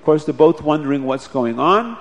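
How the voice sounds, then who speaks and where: A man with a rather high voice, telling a story to children. His delivery is animated and expressive, lingering on key moments. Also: brisk.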